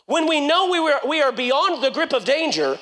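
Pastor, high voice, fervent sermon delivery that rises to shouting, with jokey asides. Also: male voice, big pitch swings, moderate pace. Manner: fervent, builds to shouting, then jokes.

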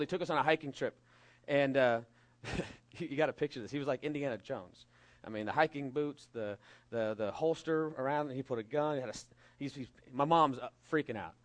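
A middle-aged man from California preaching a sermon, telling a lively story with jokes and acting out the voices of the people in it. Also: medium pitch. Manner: storytelling, animated and jokey, acts out voices. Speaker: pastor.

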